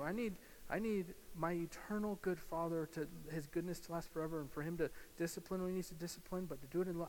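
A male pastor preaching a sermon, swinging from loud emphasis to hushed, slow guided imagery. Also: a little high, fairly even intonation. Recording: hall reverb with faint hiss.

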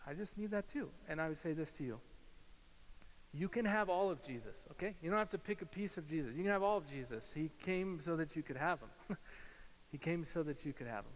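Animated male pastor in a reverberant hall. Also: fairly high pitch, a little fast. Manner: animated, swings from loud emphasis to hushed guided imagery. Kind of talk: sermon. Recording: hall reverb with faint hiss.

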